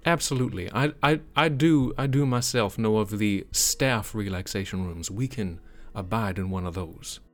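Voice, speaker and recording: A man's voice: on the low side, moderate pace, few pauses, faint music behind. A man playing a tabletop game, polite and stammering at the start of lines. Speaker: player. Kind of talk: tabletop role-play.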